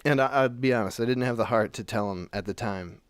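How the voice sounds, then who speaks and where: A man's voice: medium pitch, brisk, smooth, dry recording. A man calling in to a talk show, telling a story in a rambling, casual way with many restarts. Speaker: caller.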